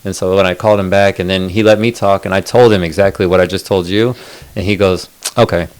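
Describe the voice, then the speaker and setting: A man's voice: sits low, steady tone, quick pace, smooth. A man co-hosting a podcast, telling a long story in casual chat, rambling and swearing, full of fillers. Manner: rambling, profane, lots of fillers. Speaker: podcast co-host.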